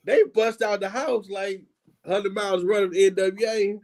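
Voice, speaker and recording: A man's voice: sits high, unhurried. A man, telling childhood stories as host in casual chat and acting out the voices of the people in them. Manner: animated, laughing, acts out quoted voices.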